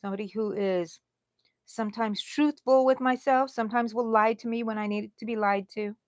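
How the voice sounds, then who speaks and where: A woman's voice: on the high side, steady tone, moderate pace, dry recording. Chatty middle-aged woman crocheting live. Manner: chatty and rambling, talks to herself while crocheting. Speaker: crochet channel host. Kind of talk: casual chat during a livestream.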